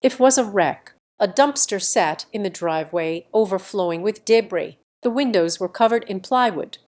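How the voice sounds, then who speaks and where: A woman's voice: medium pitch, moderate pace, darkish tone. A woman narrating a first-person revenge story with an intense, clipped dramatic delivery.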